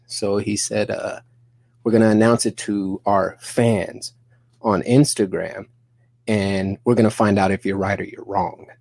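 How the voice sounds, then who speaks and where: A man in his thirties telling a story on a podcast, animated and profane, acting out both sides of an argument in quoted dialogue. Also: on the low side, a little slow, gravelly, no echo. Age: 30s. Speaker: podcast guest.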